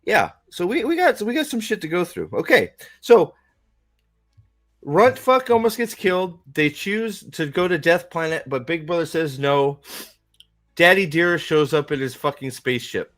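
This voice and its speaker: A man's voice: fairly high pitch, sing-song, normal speed, a bit bright. A man giving a casual, profane movie rant, rambling and stammering as he goes. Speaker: movie reviewer.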